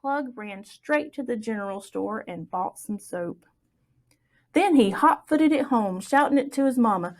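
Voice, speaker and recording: Storytime reader. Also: female voice, a little high, unhurried. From Southwest Virginia. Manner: expressive, lilting storytelling. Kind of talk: reading a folktale aloud for children.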